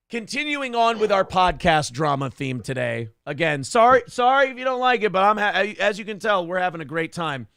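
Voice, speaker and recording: A man's voice: high voice, vocal fry, a bit bright, clean tone, no echo, studio quality. A man hosting a casual podcast, telling stories animatedly and slipping into funny voices for the people in them. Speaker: podcast host.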